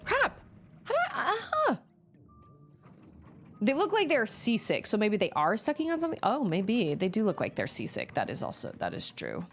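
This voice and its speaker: A woman streaming a game, chatting casually and reacting with quick exclamations as she plays. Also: medium pitch, slight background noise. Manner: chatty, animated, quick exclamations and laughs while playing. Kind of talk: casual live-stream chat while gaming. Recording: faint game music behind.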